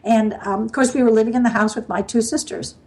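A woman's voice: on the high side, steady tone, fast, a little mellow, low-quality recording. Older woman telling rambling stories. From US Midwest. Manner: rambling, laughs often, many fillers. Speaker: guest sailor. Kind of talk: storytelling in a casual interview.

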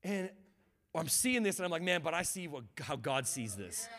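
A man preaching a sermon as a guest pastor, talking in a loose, conversational way with repeated words and restarts that climbs into passionate shouting. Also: on the high side, big pitch swings, normal speed.

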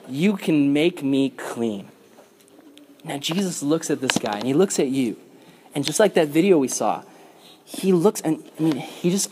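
Brief: youth pastor, male, slightly high voice, lively casual preaching, faint background hiss. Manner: casual, animated preaching to young people. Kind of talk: sermon.

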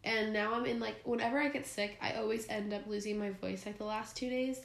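A woman's voice: medium pitch, steady tone, a little fast, creaky. A young woman co-hosting a podcast, chatting casually and giggling, her voice still recovering from being lost. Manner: casual, giggly, filler-heavy. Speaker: podcast co-host. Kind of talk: casual chat. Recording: roomy echo.

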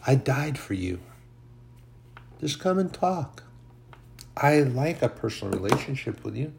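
A man voicing a loving, fatherly divine figure, speaking softly and reassuringly. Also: mid-range voice, sing-song, measured pace, creaky, noisy background, pitched above the performer's own voice. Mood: tender. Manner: soft, tender, reassuring. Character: gentle loving male divine voice, fatherly, patient.

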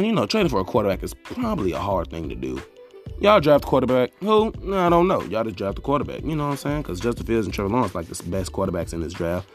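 A young man hosting a casual solo sports podcast, rambling and talking straight to teams as "y'all" with lots of restarts. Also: medium pitch. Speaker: podcast host.

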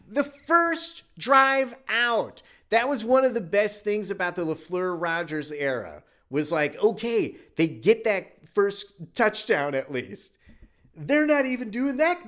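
A man from Wisconsin rants through a casual sports podcast with a high voice that swings widely in pitch. He sounds exasperated and swears freely. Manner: exasperated, profane, animated. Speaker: podcast host.

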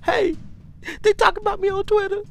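A man voicing an upset female otter, squeaky and excited. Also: normal speed, gravelly. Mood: indignant. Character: upset female otter gossiping about herself online.

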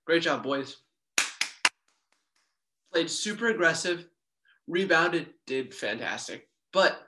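Bright-voiced excitable man recapping a game. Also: fairly high pitch. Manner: excitable fan, jokey asides, fast bursts. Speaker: sports podcast host. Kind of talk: casual sports podcast recap.

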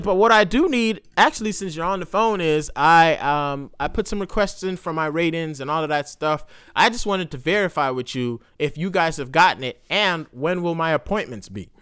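A man, a military veteran, telling a profane, animated story in a casual monologue. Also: a little high, smooth, dry recording, clean studio sound. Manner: profane, animated ranting with quick asides.

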